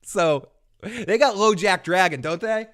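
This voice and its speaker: A man's voice: high-pitched, takes it slowly, a bit bright. A man hosting a casual live recap show from home, rambling and joking with frequent chuckles. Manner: jokey, rambling, chuckles often. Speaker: host.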